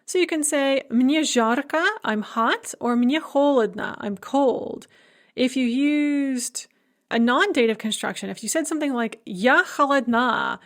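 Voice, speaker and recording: A woman lecturer teaching a language lesson, explaining grammar step by step and slowing down to enunciate each example phrase. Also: a little high. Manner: explanatory, repeats key points. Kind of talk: recorded lecture.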